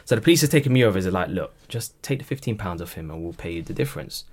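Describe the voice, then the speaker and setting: A man's voice: lowish voice, racing. A man, a cab driver guest on a podcast, telling stories in casual chat and acting out the dialogue. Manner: lively storyteller who acts out dialogue in quoted voices.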